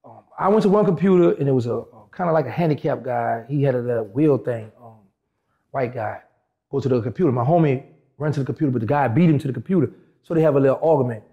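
Fast-talking man telling a story. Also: medium pitch, highs cut off. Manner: animated, acts out quoted dialogue in shifting voices. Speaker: interview guest. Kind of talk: casual storytelling.

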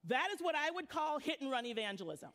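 A woman youth pastor with a high voice preaches fairly quickly in a church sanctuary. After opening in prayer, she moves into storytelling, keeping things relaxed and conversational with plenty of laughter.

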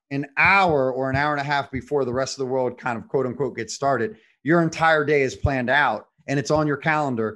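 A man's voice: medium pitch, fairly bright tone. A man hosting a podcast, coaching with a motivational tone and frequent rhetorical questions. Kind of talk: conversational podcast.

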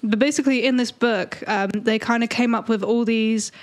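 A woman's voice: a little high, normal speed. A woman co-hosting a podcast in casual chat, talking freely and laughing often. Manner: laughs often, chatty and animated. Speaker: podcast co-host.

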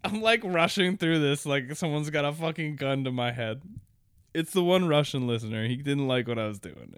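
A man's voice: mid-range voice, animated, moderate pace, a bit bright, clean tone, no echo, clean studio sound. A young man hosting a podcast alone, rambling casually with crude jokes and frequent laughter. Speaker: podcast host. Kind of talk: casual solo podcast chat.

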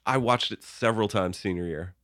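A man's voice: on the low side, brisk, a bit bright, no echo, studio quality. A man co-hosting a podcast, chatting casually about movies and telling stories with plenty of swearing. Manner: chatty, profane, storytelling. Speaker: podcast co-host.

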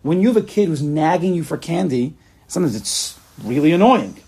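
A man teaching a Talmud and Chassidus class, chanting the texts and explaining them in an animated way. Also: on the high side, brisk, husky. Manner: animated, sing-song reading of Hebrew and Aramaic text. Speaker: Torah teacher.

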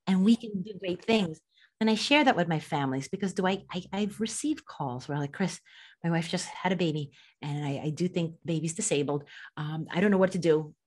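Middle-aged woman, lowish voice, earnest interview guest who restarts sentences often. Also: a little fast. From United States. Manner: heartfelt, earnest, with frequent restarts. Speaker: estate planning attorney, podcast guest. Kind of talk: candid conversational interview.

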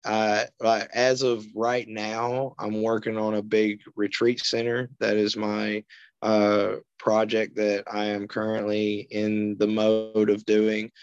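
A man's voice: on the low side, monotone, slow pace, clear, resonant tone, no room sound, highs cut off. A man from Arkansas, a podcast guest telling stories in an easygoing way and chuckling between points. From Arkansas, USA. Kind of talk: casual storytelling chat.

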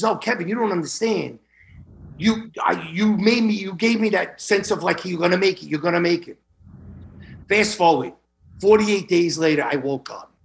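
A middle-aged man with a raised, gravelly voice tells his own story as an interview guest. He talks straight to the listeners in an earnest, plain way and doubles up words to press a point home. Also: high-pitched, a bit bright. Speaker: guest recounting illness.

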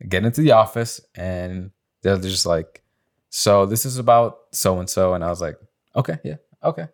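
A young podcast co-host tells a casual story among friends in a voice that sits low, at a moderate pace. He swears often and raises his voice when acting out quotes.

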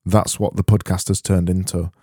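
A man hosting a solo comedy podcast, rambling in a deadpan, self-deprecating way with frequent restarts. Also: low-pitched, normal speed, slightly rough, dry recording, clean studio sound. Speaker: podcast host.

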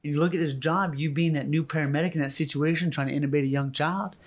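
Earnest motivational podcast host. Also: male voice, fairly high pitch, fairly even intonation, fast talker. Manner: earnest, motivational, acts out quotes. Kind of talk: casual podcast chat.

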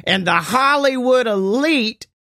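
A man voicing a loud, paranoid male cryptid hunter who shouts and rants in a high, strained voice. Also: lively intonation, slow, dry recording, clean studio sound, heavily acted. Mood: ranting.

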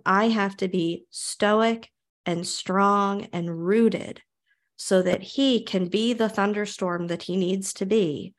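A woman hosting a podcast interview, speaking in a calm, reflective way and repeating phrases for emphasis. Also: mid-range voice. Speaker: podcast host.

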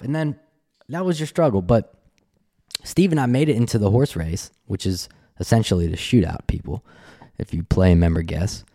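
A man hosting a podcast, telling a story in a casual, animated way and laughing often. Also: lowish voice, normal speed. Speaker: podcast host.

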